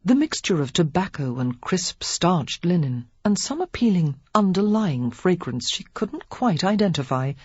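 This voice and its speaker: A woman reading a novel aloud as an audiobook narrator, telling it in an expressive, measured way. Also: fairly low pitch, slightly rough, no echo, highs cut off. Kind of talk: scripted narration.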